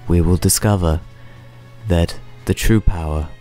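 A man's voice: low-pitched, a little slow, dark tone, soft background music, voice pushed down. A man voicing a grandiose movie-trailer narrator, announcing in a solemn, dramatic manner. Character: deep-voiced dramatic male trailer narrator.

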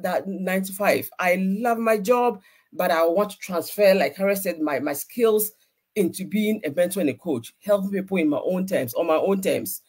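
A woman who works as a social worker, speaking in a casual group chat, reflective and pausing to search for words. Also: lowish voice, a little mellow, slightly rough. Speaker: social worker and business mentee. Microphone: video call.

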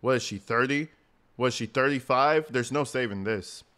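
A man's voice: medium pitch, normal speed, a bit bright. A man giving blunt, slangy reaction commentary as host, mocking and advising.

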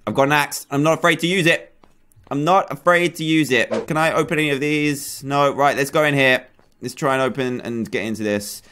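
A young man giving excitable gameplay commentary, yelping and shouting at enemies as he plays. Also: medium pitch. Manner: animated, yelps and shouts at enemies. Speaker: gaming YouTuber.

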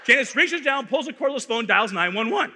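A man from Arizona, a conference speaker, telling a funny story in a playful, animated way, on a stage microphone in a large hall. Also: extremely high pitch, a little fast, a little hiss or hum. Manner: animated, playful, building comic tension. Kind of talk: comic storytelling talk. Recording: echoey hall reverb.

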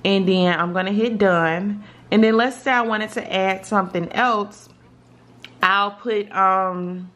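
Speaking slowly in a steady, medium-pitched tone that's a bit bright, a woman explains app steps as a tutorial vlogger. Her delivery is chatty and casual, with frequent "okay?" check-ins with her viewers.

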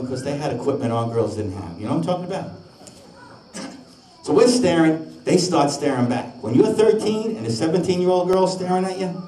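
An older man, an oldies singer and comedian, chatting with his audience and telling a jokey neighborhood story between songs on a live stage. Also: a little high. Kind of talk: live concert banter and singing. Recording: echoey live hall, mic from a distance, band playing loud.

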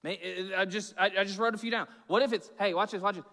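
Man, pastor, sermon, high voice, bright tone, chatty with loud and hushed swings. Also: fairly even intonation, quick pace. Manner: swings from loud emphatic bursts to low hushed asides; informal, chatty preaching with fillers and repeats. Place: church sanctuary with long reverb. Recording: echoey church hall.

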